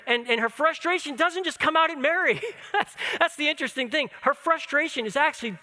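A man preaching a sermon, telling the story with animated, acted-out quotes. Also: extremely high pitch, brisk, big-room sound. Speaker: pastor.

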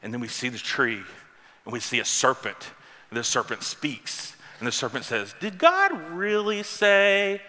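Bright-voiced male pastor in a reverberant hall. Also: mid-range voice, fairly even intonation, moderate pace. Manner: conversational preaching with casual asides. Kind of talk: sermon. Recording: long reverb of a large hall.

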